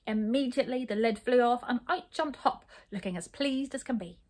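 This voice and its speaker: A woman's voice: a little high, moderate pace, a little mellow. A woman reading a children's storybook aloud, narrating expressively.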